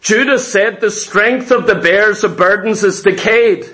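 A man's voice: sits high, measured pace, sharp tone. A man preaching a sermon, emphatic and repetitive, acting out voices of his congregation. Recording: echoey church hall.

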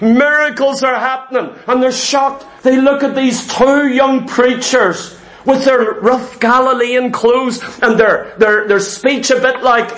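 A man preaching a sermon, with an emphatic, repetitive cadence and drawn-out, stressed words. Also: extremely high pitch, fairly bright tone.

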